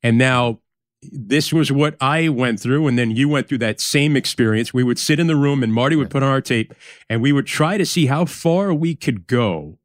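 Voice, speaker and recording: A man's voice: mid-range voice, moderate pace, no echo, clean studio sound. A man from Yonkers, New York, hosting a podcast conversation, telling stories and reminiscing. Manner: reminiscing, storytelling. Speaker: podcast host.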